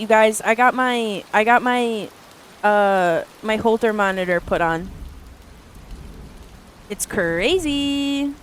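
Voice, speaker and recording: A woman's voice: medium pitch, a little hiss or hum. A woman streamer chatting casually to her live viewers, rambling through stories with lots of filler words and casual swearing. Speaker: art streamer.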